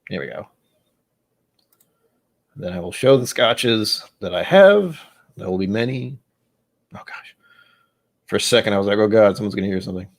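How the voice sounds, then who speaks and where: A man hosting a relaxed livestream, talking in a fairly low voice. He rambles good-naturedly and pokes fun at himself, often dropping to a mutter as he talks to himself. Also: measured pace, gravelly, long pauses. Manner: rambling and self-deprecating, muttering asides to himself. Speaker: livestream host. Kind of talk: casual livestream chat.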